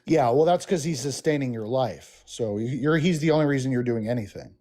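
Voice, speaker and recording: A man's voice: mid-range voice, expressive, fairly quick, mellow. Guy caller arguing on a stream, sure of himself, medium voice. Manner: confident, argumentative, explaining. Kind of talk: casual debate.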